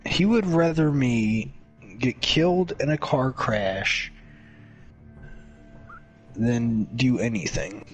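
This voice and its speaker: A young man streaming games and chatting casually, excitable and joking, swinging between whiny pleading and low muttering. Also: slow, long pauses, soft background music. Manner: excitable, joking, lots of laughter. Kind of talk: casual gaming stream chat.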